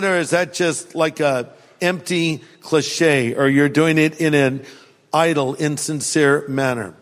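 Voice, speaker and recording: A man preaching as a pastor, with a humorous style, acting out everyday people in quick asides. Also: high voice, fairly bright tone, big-room sound. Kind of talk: sermon.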